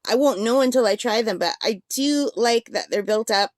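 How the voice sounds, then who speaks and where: A woman's voice: a little high, moderate pace, no echo. A woman chatting casually through an art supply unboxing, rambling with fillers while she has the hiccups.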